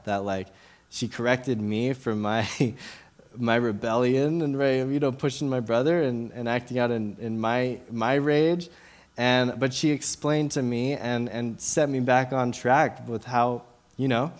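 Guy in his late 20s doing a laid-back bible teaching, lots of ums and restarts, mid pitch. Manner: casual, many fillers and restarts. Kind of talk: informal Bible teaching with a personal story.

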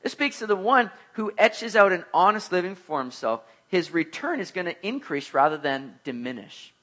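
A man's voice: sits high, big pitch swings, moderate pace, a bit bright. A man preaching a conversational sermon, mixing jokes with emphatic exhortation. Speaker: pastor.

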